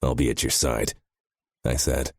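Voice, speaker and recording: Deep male narrator for a first-person audiobook, grim and intense, very dry close sound. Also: fairly even intonation, measured pace, vocal fry, dry recording.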